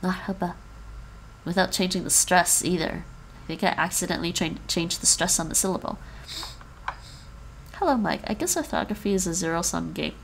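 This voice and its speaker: Gravelly-voiced woman streamer, sniffly and chatty. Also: lowish voice, brisk, a little hiss or hum. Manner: chatty, repeats words after an app, laughs often. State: sniffly from the cold, coughing. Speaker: language-learning streamer. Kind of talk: casual livestream chat while practicing pronunciation.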